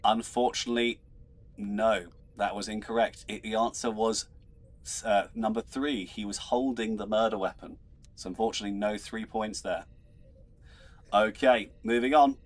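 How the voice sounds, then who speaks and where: A man's voice: lowish voice, steady tone, normal speed. A man hosting an online trivia show as quizmaster, chatty, laughing often and tripping over his words. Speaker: quizmaster host.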